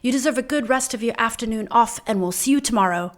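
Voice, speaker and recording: A woman's voice: a little high, quick pace, close to an everyday voice. A woman voicing a friendly male English shuttle-bus boss with a faint, put-on English accent, praising his team over the radio. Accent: mock English, faint. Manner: warm, praising sign-off.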